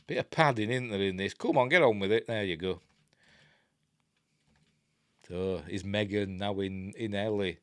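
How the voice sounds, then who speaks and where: A man's voice: fairly low pitch, normal speed, long pauses, a bit bright, clean tone, no room sound. Older Yorkshire man rambling through a film review. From Yorkshire, England. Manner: rambling, chatty, self-interrupting; wry asides with chuckles. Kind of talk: casual film review chat.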